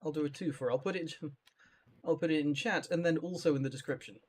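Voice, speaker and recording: A man's voice: fairly high pitch, fairly quick. A man hosting a live stream, chatting casually and using mock-proper phrasing. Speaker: streamer host.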